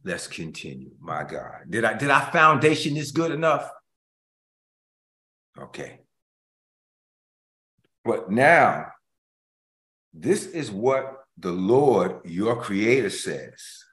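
An older man, a pastor, preaching an emotional sermon that swings between hushed tones and loud emphasis. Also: on the low side, big pitch swings, slow, long pauses. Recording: echoey room.

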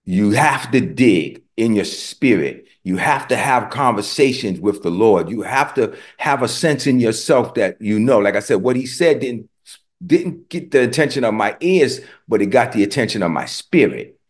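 A man's voice: medium pitch, moderate pace. A middle-aged man preaching a sermon, telling a story and acting out both sides of a conversation. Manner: animated storytelling, acting out dialogue. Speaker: pastor.

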